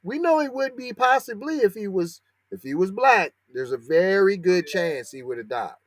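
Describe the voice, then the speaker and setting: A man's voice: sits high, lively intonation, normal speed, no echo. A man hosting a podcast, reading out a news story and talking back to it with sarcastic, slangy commentary that turns heated. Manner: sarcastic, rising to heated outrage; slangy, talks back to the article he reads. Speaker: podcast host.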